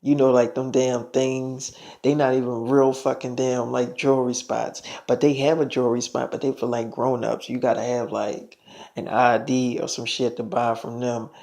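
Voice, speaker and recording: A man's voice: mid-range voice, little pitch movement, normal speed, vocal fry, a little mellow. A man telling a story casually, rambling and swearing a lot, with many fillers. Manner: rambling, profane, full of fillers.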